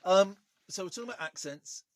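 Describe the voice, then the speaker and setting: A man's voice: high voice, expressive, brisk. A man hosting a live radio show, chatting in a jokey, rambling, self-mocking way. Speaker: radio host. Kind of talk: casual radio chat. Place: radio studio.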